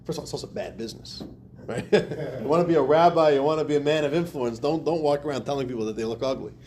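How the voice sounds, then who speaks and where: A man's voice: fairly high pitch, fast, a little mellow, slight background noise. A man teaching a class as a rabbi, speaking expressively, acting out quotes and laughing often. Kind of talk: animated lecture.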